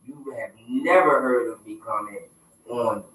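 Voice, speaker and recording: A man, the show's intern, in casual hip hop radio banter, talking slang in a laid-back way and quick to defend himself. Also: mid-range voice, a bit bright, heavy reverb, far from the mic.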